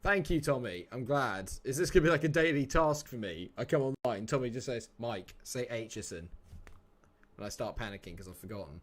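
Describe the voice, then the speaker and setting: A man's voice: mid-range voice, lively intonation, fast, hardly any pauses. A man, chatting casually and joking with viewers while streaming a game. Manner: chatty, jokey, answers chat by name. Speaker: live-streamer. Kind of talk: casual live-stream chat.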